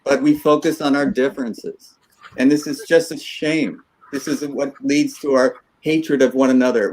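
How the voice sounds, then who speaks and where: A middle-aged man co-hosting a podcast, talking in an earnest, reflective way. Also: mid-range voice. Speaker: podcast co-host. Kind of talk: casual podcast talk.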